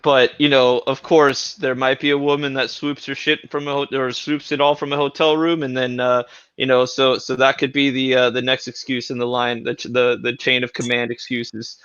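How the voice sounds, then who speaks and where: A man's voice: mid-range voice, level tone, moderate pace, fairly bright tone, clear, resonant tone, dry recording. A man speaking as a podcast guest, telling laid-back stories with a laugh. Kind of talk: casual podcast banter. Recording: muffled lo-fi mic.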